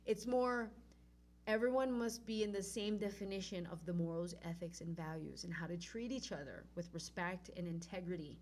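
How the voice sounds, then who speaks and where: Animated woman telling a story. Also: on the low side, moderate pace. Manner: animated, acts out quoted dialogue. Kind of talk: casual storytelling.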